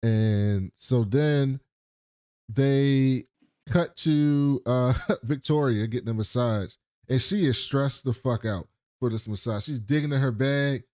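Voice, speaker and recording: A man's voice: mid-range voice, takes it slowly, warm tone, no echo, clean studio sound. A man co-hosting a podcast, retelling scenes in casual chat, swearing freely and acting out quotes. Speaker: podcast co-host.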